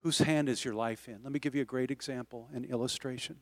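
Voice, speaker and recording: Male pastor, sermon delivery, builds from soft storytelling to loud rallying calls, dry close mic. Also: medium pitch, fairly even intonation, fast talker, no room sound. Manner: preaching that swells from quiet storytelling to loud exhortation. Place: church sanctuary.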